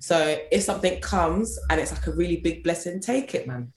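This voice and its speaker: An outspoken woman joins a casual chat with a somewhat low voice. She talks in a lively way and laughs often. The room around her sounds echoey. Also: moderate pace.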